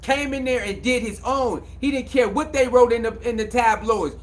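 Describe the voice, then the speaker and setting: Emphatic high-voiced man riffing on sports. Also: normal speed, hardly any pauses. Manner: emphatic, repetitive, preachy, slangy. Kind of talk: casual sports commentary monologue.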